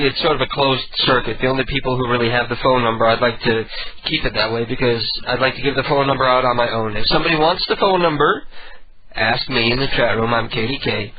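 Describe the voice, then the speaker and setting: A man's voice: medium pitch, noisy background. A man hosting an internet radio show, chatting casually in a rambling, self-deprecating way. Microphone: home phone and studio mic setup. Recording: dull lo-fi internet radio audio.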